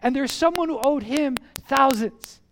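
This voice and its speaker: A pastor preaching a sermon in an animated way, repeating key phrases for emphasis. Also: high-pitched, a little slow, background noise.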